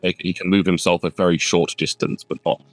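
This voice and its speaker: A man playing a tabletop role-playing game, talking in rambling, halting restarts. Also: low voice, flat delivery, faint music behind. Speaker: player. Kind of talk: casual tabletop role-play.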